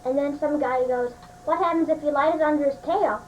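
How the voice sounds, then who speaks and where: A woman with a high voice tells a joke to her family, laughing and glossing over the details as she goes. Her manner is casual and easy. A faint hum sits under the home-video sound. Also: brisk, highs cut off. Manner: laughing, offhand storytelling. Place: family home at a holiday party. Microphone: home camcorder.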